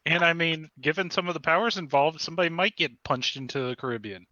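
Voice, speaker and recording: A man at a tabletop game eagerly pitching an idea, stumbling over his words. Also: fast talker, bright, forceful tone, no echo. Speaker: player. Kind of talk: casual chat. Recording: slightly muffled dry audio.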